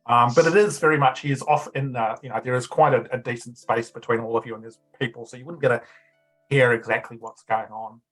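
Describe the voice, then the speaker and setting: A man's voice: medium pitch, steady tone, fast talker, fairly bright tone, soft background music, low-quality recording. A man narrating as game master of a tabletop game, stopping and restarting often. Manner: hesitant, many fillers and restarts.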